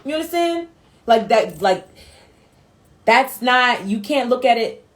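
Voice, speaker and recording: Lively streetwise New woman. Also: a little high, unhurried. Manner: animated, streetwise, swearing freely. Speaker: host. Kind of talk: casual live-stream chat. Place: at home.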